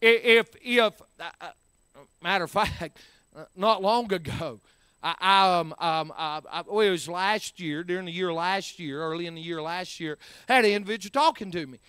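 A man's voice: high voice, moderate pace, a bit bright, clear, resonant tone, no room sound. A man preaching a sermon, repeating key phrases with rising and falling emphasis.

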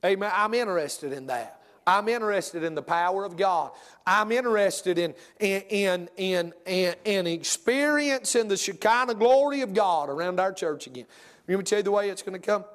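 A man's voice: high voice, moderate pace, long reverb tail. A man preaching a sermon, telling a folksy story with stammering restarts and rising to fervent preaching. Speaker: pastor.

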